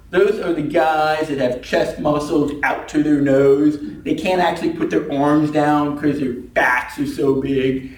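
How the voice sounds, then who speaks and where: A man's voice: medium pitch, darkish tone. Wry man telling comic stories, echoey. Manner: wry storytelling, acts out quoted people. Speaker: club speaker. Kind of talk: humorous prepared speech. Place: meeting room. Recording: echoey room from far off.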